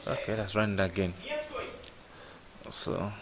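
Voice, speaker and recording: A man's voice: fairly low pitch, flat delivery, unhurried, a crowd in the background. A man tutoring app programming in a casual lesson, thinking aloud and asking "what?" before he answers himself. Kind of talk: casual screen-share coding lesson.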